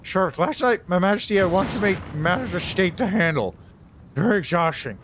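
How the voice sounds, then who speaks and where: A man's voice: high voice, big pitch swings, normal speed, background noise. A man voicing a confused, drunken male beggar who thinks he is a king, speaking in a slurred mumble. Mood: rambling.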